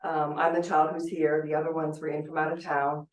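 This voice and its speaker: A woman's voice: sits low, level tone, fairly quick. A woman in her sixties, a judge presenting a seminar, talking candidly and telling a personal story in a chatty way. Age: 60s. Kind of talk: public talk with personal anecdote. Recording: roomy hall, picked up from a distance.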